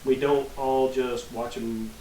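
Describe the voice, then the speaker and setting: A man's voice: mid-range voice, flat delivery, warm tone, recorded from a distance. A man in a mid-range voice chats easily as a podcast co-host, stumbling and repeating words as he goes. He sits away from the microphone in an echoey room, with a faint hiss underneath. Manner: laid-back, halting, repeats words. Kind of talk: casual chat.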